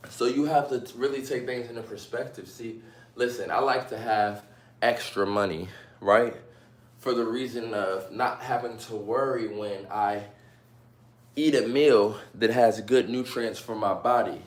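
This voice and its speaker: A man's voice: mid-range voice, fairly even intonation, unhurried, roomy sound. A man casually chatting and joking with viewers during a live stream, talking straight to them. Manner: chatty, playful, addresses viewers directly.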